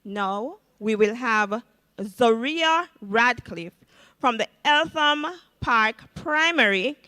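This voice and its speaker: A high-pitched woman emcees a live recitation contest, her bright voice ringing through a hall with a long reverb tail. She speaks at an unhurried pace and keeps calling on the audience to cheer. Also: expressive, smooth. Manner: upbeat, calls on the audience to cheer. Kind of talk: live event announcing.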